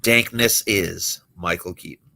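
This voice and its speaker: Bright-voiced young man telling stories. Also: low voice, measured pace, vocal fry. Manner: storytelling, acting out quoted people. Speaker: magician and livestream host. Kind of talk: casual late-night livestream chat.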